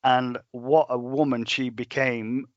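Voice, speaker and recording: Middle-aged bloke, dog trainer, chatty and blunt, dry muffled sound. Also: male voice, medium pitch, takes it slowly, dry recording. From England. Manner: animated, chatty, plain-spoken. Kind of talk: storytelling in a podcast interview.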